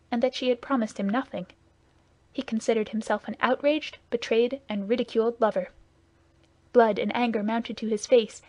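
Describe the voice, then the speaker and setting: A woman narrating a classic novel as an audiobook, in a steady, measured reading voice. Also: on the high side, no echo, muffled recording.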